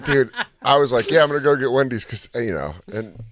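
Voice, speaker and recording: A man's voice: mid-range voice, expressive, fast talker, fairly bright tone. A man co-hosting a podcast, telling a rambling story in casual chat and laughing often. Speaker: podcast co-host.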